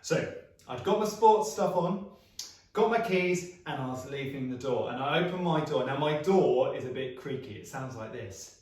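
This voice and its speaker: A man's voice: mid-range voice, animated, moderate pace, a little mellow, far from the mic. A man leading children through a playful action story with sound effects and coaxing prompts, as a music practitioner in a live online session. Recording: very echoey room, voice set back from the mic.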